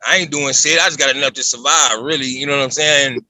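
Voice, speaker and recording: A man on a podcast, talking casually and ranting in an animated way, often repeating himself. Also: mid-range voice, fast. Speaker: podcast guest.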